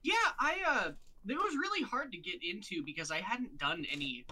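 A man's voice: high-pitched, big pitch swings, normal speed, bright, forceful tone, breathy edge, low-quality recording. A man guesting on a podcast, chatty and jokey, laughing easily. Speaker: podcast guest, channel co-host. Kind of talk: casual chat.

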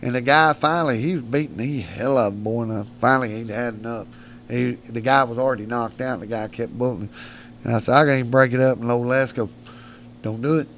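A man's voice: medium pitch, quick pace, slight background noise. Rowdy man telling tall tales. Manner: animated, laughs often, salty language. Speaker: podcast guest. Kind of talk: rowdy storytelling. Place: studio.

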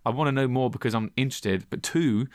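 A man's voice: mid-range voice, fast talker, dry recording, studio quality. A man co-hosting a film review chat, retelling scenes with enthusiasm. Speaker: podcast co-host.

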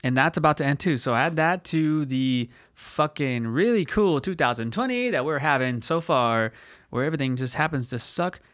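A man's voice: a little high, lively intonation, moderate pace, a bit bright, no echo. A man in his twenties from California, hosting a podcast in a rambling, profane solo rant that leans on "dude" constantly. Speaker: podcast host.

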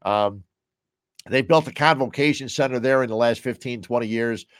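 A man's voice: mid-range voice, normal speed, no echo. A man with a Chicago-area American accent hosting his own show, chatting casually and rambling from topic to topic while sipping a beer at home. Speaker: podcast host. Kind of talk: casual solo chat while drinking beer.

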